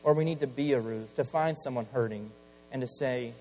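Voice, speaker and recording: A man's voice: medium pitch, fairly quick. Impassioned preacher man with a cold. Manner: swings from loud impassioned pleading to hushed near-whisper. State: battling a cold. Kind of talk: sermon. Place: church. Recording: long hall reverb, faint mains hum.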